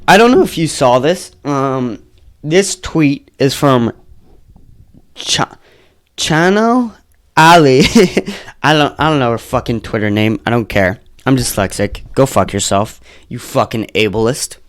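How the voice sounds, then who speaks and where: A podcast host in a casual solo episode, ranting and swearing heavily, swinging between muttered asides and loud outbursts. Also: medium pitch, expressive, slow, long pauses. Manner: profane, heated ranting.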